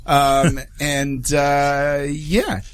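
A man's voice: on the high side, steady tone, extremely slow, clear, resonant tone. Man, co-host, casual film review, rambling, filler words, laughs often. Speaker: podcast co-host.

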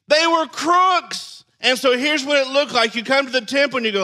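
A man preaching a sermon, animated and acting out scenes in character voices. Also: very high voice, unhurried. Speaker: pastor.

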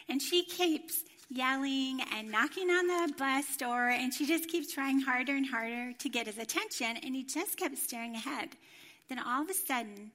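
A middle-aged woman giving a sermon in a church, telling a personal story in an animated way and acting out the voices she quotes. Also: high voice. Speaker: former children's ministry director, church speaker.

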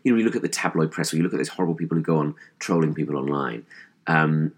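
A man's voice: a bass voice, racing, husky. A young man with a posh English accent, chatting as a comedian guest in an interview, thoughtful and hesitant with many fillers. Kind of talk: casual interview chat.

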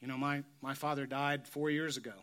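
A middle-aged man preaching a sermon in a slow, heartfelt way, sometimes dropping to a whisper. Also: mid-range voice, level tone, fairly bright tone. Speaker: pastor.

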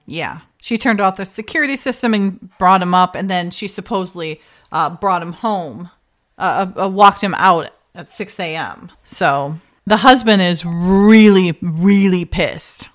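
A woman's voice: fairly low pitch, unhurried. A woman co-hosting a casual podcast, recapping a TV episode and acting out the characters' lines with frequent laughs. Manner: animated, acts out characters' lines and laughs often. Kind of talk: casual chat.

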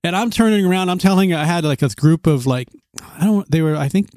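A man with a fairly high voice tells an outdoor story in loose, rambling chat, doubling back and laughing as he goes. The sound is dry and close, with no room around it. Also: expressive, fairly quick, darkish tone, dry recording. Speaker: podcast co-host telling trail stories. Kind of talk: casual chat.

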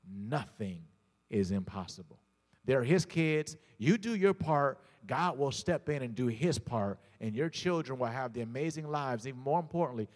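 A man's voice: medium pitch, big-room sound. A male pastor preaching a sermon, telling stories, often repeating words and calling out to the congregation.

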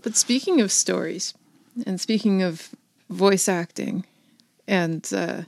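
A woman's voice: medium pitch, slow pace, gravelly, darkish tone, no room sound. A woman hosting a casual interview, encouraging and appreciative toward her guest. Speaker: podcast host. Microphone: close podcast microphone.

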